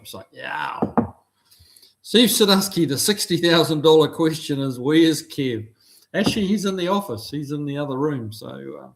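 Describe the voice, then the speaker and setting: A man hosting a casual live stream from indoors, greeting viewers by name and chatting loosely. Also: fairly high pitch. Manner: relaxed, rambling, reads out chat comments. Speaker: livestream host.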